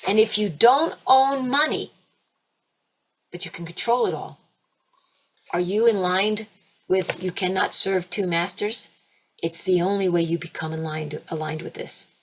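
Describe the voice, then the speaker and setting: A woman with a husky, slightly breathy voice preaches fervently to her webinar audience. Her pitch sits mid-range, but she keeps leaping up and getting louder to make a point, then drops back to a plain conversational tone. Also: measured pace, pauses often. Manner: emphatic and fervent, with sudden jumps in pitch and loudness. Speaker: spiritual teacher hosting a webinar. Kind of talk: impassioned preaching webinar talk. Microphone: computer mic for a webinar.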